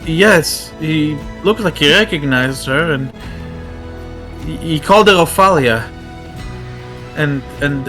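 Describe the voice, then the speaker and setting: A man putting on a scared little girl. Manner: high, stammering, pleading child voice. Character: frightened little girl, a woodcutter's daughter.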